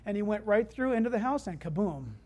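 A preacher working through a sermon with everyday stories. The delivery is conversational and animated, rising to loud bursts and dropping low and quiet. The pitch sits in the middle. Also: fast. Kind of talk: sermon with storytelling.

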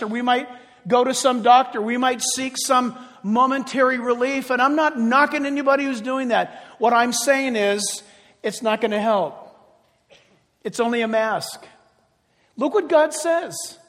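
An older male pastor preaching a sermon, passionate and emphatic, then dropping into quiet chatty asides. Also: very high voice, measured pace. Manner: impassioned, swinging from loud emphatic cries to quiet chatty asides. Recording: long reverb of a large hall.

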